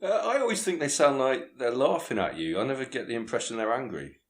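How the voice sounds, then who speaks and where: A man's voice: mid-range voice, animated, a little fast. A man, co-hosting a comedy podcast, delivering facts in a dry, matter-of-fact way. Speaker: co-host.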